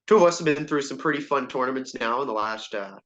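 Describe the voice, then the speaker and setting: A man's voice: mid-range voice, fast talker, a bit bright. A man hosting a casual podcast, rambling and self-deprecating as he tells stories. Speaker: podcast host. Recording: dull lo-fi sound.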